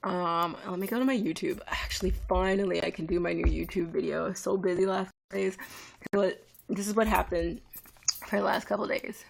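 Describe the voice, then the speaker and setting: A woman's voice: fairly low pitch, steady tone, moderate pace, creaky. A woman in her twenties chatting casually on a live stream, rambling and reacting to viewer comments. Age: 20s. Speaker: livestreamer.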